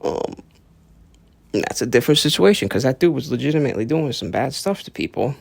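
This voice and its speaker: A man's voice: mid-range voice, lively intonation, a little fast, creaky, slightly rough, dry recording. A man hosting his own podcast, rambling in a casual, profane way and acting out the voices he quotes. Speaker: podcast host. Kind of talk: casual solo podcast monologue.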